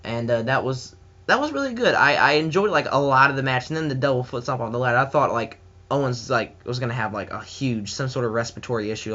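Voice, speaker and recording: A man's voice: mid-range voice, fairly bright tone, muffled recording. Rambling Southern man reviewing wrestling. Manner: rambling and enthusiastic, with many fillers and restarts. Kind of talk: casual solo review.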